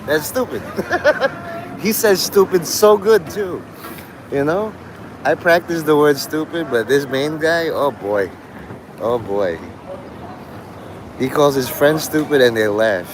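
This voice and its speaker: Rambling streamer on a noisy street. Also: male voice, on the high side, animated, a little slow, long pauses, a crowd in the background. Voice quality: meandering, laughs often between thoughts. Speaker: livestreamer. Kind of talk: rambling live-stream chat.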